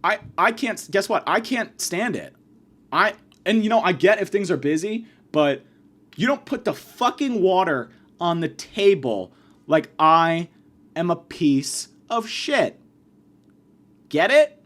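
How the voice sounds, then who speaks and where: A man's voice: high voice, sing-song, slow, fairly bright tone. A man hosting a podcast, delivering a profane, sarcastic comedic rant. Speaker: podcast host.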